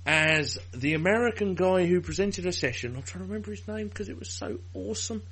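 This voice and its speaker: Podcast co-host, man, Essex accent, husky, bright and animated, sweary banter. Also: sits high, brisk. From England. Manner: sweary, laughs often, animated. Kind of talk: casual chat.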